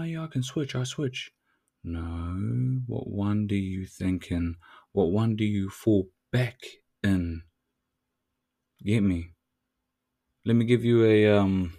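A man's voice: sits low, a little mellow. A man with a New Zealand accent hosting a casual podcast monologue, slangy and swearing as he talks straight to the listener. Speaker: podcast host.

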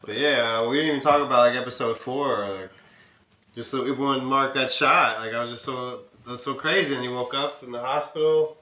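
A man's voice: medium pitch, fairly even intonation, brisk, sharp tone, highs cut off. A young man from New Jersey chatting on a podcast, laid-back, swearing, mostly chiming in briefly. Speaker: podcast co-host. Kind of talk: casual podcast chat. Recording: roomy room sound.

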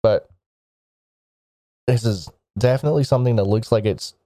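A man's voice: fairly low pitch, moderate pace, dark tone, no echo, clean studio sound, lightly acted. A man voicing a rotund male records keeper in his late fifties, blunt and coarse in manner. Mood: appraising.

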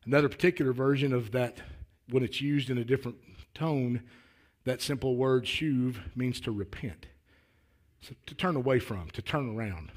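A man preaching a sermon in a folksy, earnest way, often repeating words as he starts a thought and building to louder, emphatic declarations. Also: medium pitch, normal speed. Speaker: lay preacher.

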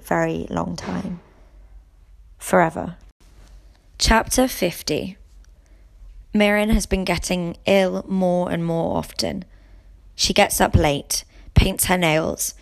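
Low gravelly woman reading aloud. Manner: first-person, steady reading. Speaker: audiobook reader. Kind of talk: audiobook narration.

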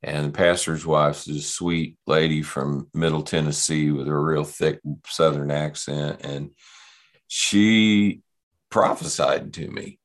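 A man, guesting on an interview and telling his story. His voice sits extremely low. He talks in a loose, rambling way, circling back and restarting his sentences. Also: fairly even intonation, takes it slowly. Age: 60s.

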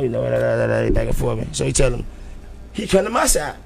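A man in casual podcast chat, telling animated street stories full of profanity and talking over the others. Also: mid-range voice, fast talker, gravelly, a little hiss or hum. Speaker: podcast guest storyteller.

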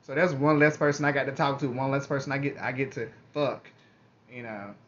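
A man's voice: mid-range voice, fairly even intonation, fairly quick, a bit bright. Rambling profane man, muffled. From Kentucky, USA. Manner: candid, profane, rambling storyteller. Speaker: vlogger. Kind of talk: casual rambling monologue. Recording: muffled lo-fi audio.

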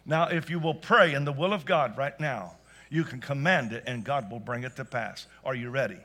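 A man preaching a sermon to a church congregation, telling stories and rising to loud emphatic peaks. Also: medium pitch, moderate pace. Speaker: pastor. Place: church service.

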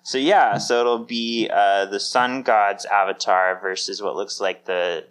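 A man's voice: fairly low pitch, steady tone, a little slow, fairly bright tone, smooth. A man co-hosting a podcast in casual chat, talking in an upbeat, chatty way with lots of fillers. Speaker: podcast co-host.

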